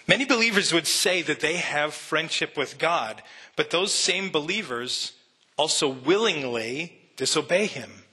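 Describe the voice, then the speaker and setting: A man's voice: a little high, lively intonation, unhurried, pushed and bright, slightly rough. A man preaching a sermon to his church, earnest and conversational, often restarting his sentences. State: emotional, near tears. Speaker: pastor. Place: church sanctuary.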